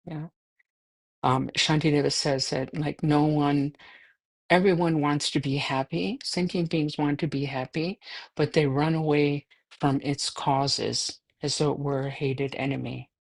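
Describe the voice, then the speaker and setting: Gravelly-voiced nun giving a casual dharma talk. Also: female voice, deep voice, fairly even intonation, a little slow. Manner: conversational, self-deprecating, many fillers. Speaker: Buddhist nun teaching. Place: livestreamed talk.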